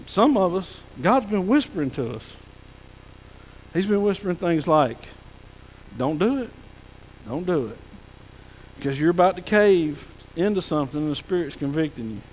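A male pastor preaches in a high, folksy voice. He often drops to a soft hush. His words ring out with a long reverb through the church. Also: lively intonation, moderate pace, slight background noise. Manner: folksy preaching, drops to soft hushed tones for God's whispers. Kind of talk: sermon. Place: church sanctuary.

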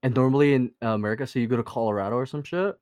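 A young man co-hosting a podcast in slangy casual chat, laughing often and talking in quick bursts. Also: medium pitch, darkish tone, no echo. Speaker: podcast co-host.

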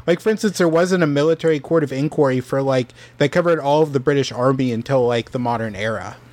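A man's voice: medium pitch, fast, darkish tone, no room sound. A man casually telling a history story on a podcast, full of ums, likes and restarts. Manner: rambling, many fillers and restarts. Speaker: podcast co-host presenting history.

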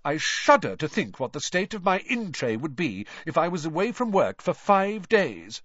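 Man doing a stuffy self-important young official, prissy and high, kinda muffled. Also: very animated, normal speed, a bit bright, no echo. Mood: prim. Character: pompous young male ministry official.

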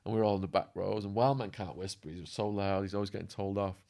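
Low-voiced man telling prison stories. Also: quick pace, creaky. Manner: animated storyteller acting out quotes with swearing. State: voice going hoarse. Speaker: podcast guest. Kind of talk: storytelling in an interview.

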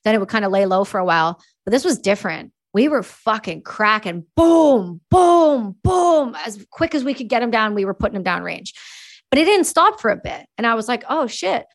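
A woman from Canada in her thirties, a podcast guest telling stories candidly and casually, swearing freely and talking quickly. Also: mid-range voice, lively intonation, a bit bright. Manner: candid, profane, quick-talking, voices quoted people. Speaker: podcast guest, army veteran. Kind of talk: casual storytelling.

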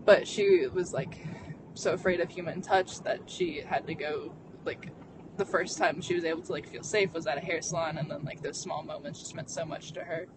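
Recording inside a car, a young adult vlogger tells a personal story in a candid, halting way, tripping over fillers and restarts. The voice is middling in pitch with a steady tone, and road noise is clearly heard underneath.

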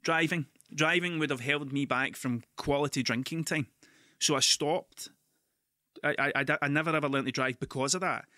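A Scottish man hosting a podcast, telling stories in an animated, sweary, ranting way. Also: on the high side, moderate pace, dry recording, clean studio sound. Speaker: podcast host. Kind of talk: casual monologue.

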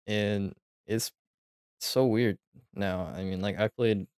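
A man's voice: fairly low pitch, fairly even intonation, takes it slowly, darkish tone, smooth, no echo, clean studio sound. A man co-hosting a casual podcast, laid-back and swearing, with lots of fillers. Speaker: podcast co-host. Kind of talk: casual chat.

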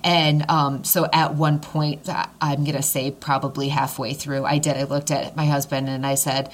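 A woman's voice: deep voice, moderate pace, few pauses. A woman co-hosting a podcast, chatting casually about motherhood with many fillers. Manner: talkative, with many fillers and laughs. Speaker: podcast co-host. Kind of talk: casual chat.

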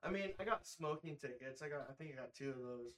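A man's voice: medium pitch, lively intonation, quick pace, fairly bright tone, distant mic. A man chatting casually in brief, laid-back remarks. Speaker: podcast co-host. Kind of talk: casual chat.

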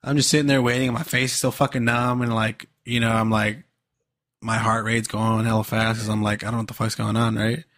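A man's voice: lowish voice, little pitch movement, fairly quick, a bit bright. A young man chatting casually with friends, telling a story in laid-back slang and heavy swearing. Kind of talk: casual chat.

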